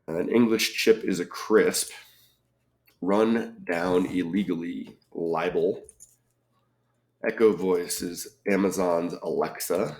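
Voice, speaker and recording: A man solving a crossword puzzle aloud, reading clues and thinking out loud with frequent ums and muttered asides. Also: low-pitched, steady tone, takes it slowly. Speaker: crossword reviewer.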